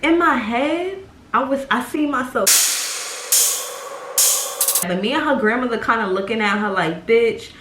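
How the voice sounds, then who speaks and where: A young woman telling a profane, animated story-time tale to camera, acting out the people in it. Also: fairly high pitch, measured pace, long pauses, background noise. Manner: animated, profane, acts out voices. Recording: echoey room.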